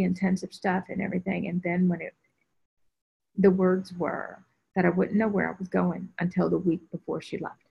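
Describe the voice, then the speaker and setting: A woman's voice: lowish voice, creaky, slightly rough. A woman spiritual teacher telling a personal story on a group video call, acting out the voices she quotes. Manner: animated storyteller who acts out quoted voices. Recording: dull lo-fi video call audio.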